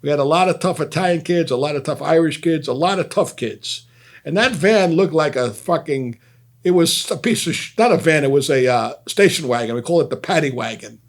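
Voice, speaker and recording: A man's voice: on the high side, lively intonation, brisk. A man, telling stories bluntly and profanely in a casual, rambling way. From Brooklyn, New York. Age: 60s. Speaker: host. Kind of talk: casual storytelling.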